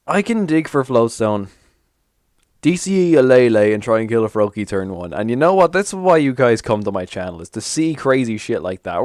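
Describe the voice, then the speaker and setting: A young man giving casual, animated commentary as he plays a card game on his channel, swearing and mocking himself. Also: mid-range voice, no room sound, clean studio sound. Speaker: gaming YouTuber.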